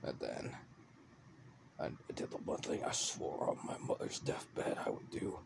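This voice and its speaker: A man telling a made-up first-person horror story in a hushed, whispery way. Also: unhurried, background noise.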